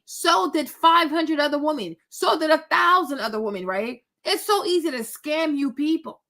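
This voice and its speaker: High-voiced woman bluntly scolding. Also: expressive, normal speed, hardly any pauses, fairly bright tone. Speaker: commentary host. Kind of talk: reaction commentary.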